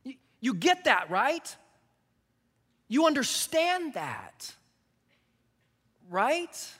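A man's voice: very high voice, big pitch swings, drawn-out words, fairly bright tone, slightly rough, heavily acted. A man voicing a sarcastic male apostle who urges a crowd insistently, stammering and repeating himself. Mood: sarcastic urging. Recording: long reverb in large hall.

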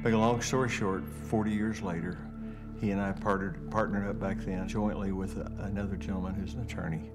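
Brief: older man, very low and gravelly, folksy testimony over loud guitar music. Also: animated, a little fast. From Oklahoma. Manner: homespun, earnest storytelling with folksy phrases. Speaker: businessman giving testimony. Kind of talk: personal faith testimony.

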